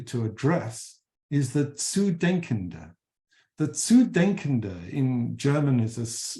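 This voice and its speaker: Mellow-voiced man lecturing on philosophy. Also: mid-range voice. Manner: measured, emphatic, with frequent fillers and self-corrections.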